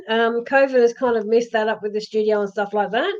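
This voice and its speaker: On a dull, lo-fi live stream from her lockdown home, a psychic medium delivers readings in a fairly high, brisk voice with fairly even intonation. She is reassuring but rambles, restarting often and using many fillers.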